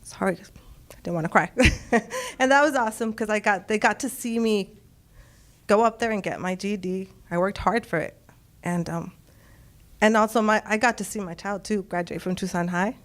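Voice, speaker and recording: A woman's voice: medium pitch, normal speed. Middle-aged woman, storyteller, emotional, laughs a lot. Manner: emotional, laughs often, quotes others. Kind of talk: personal story told on stage.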